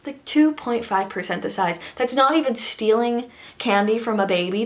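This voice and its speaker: A woman in her twenties giving a sarcastic, giggly commentary vlog, with quick jokey asides. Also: mid-range voice. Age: 20s. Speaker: commentary YouTuber.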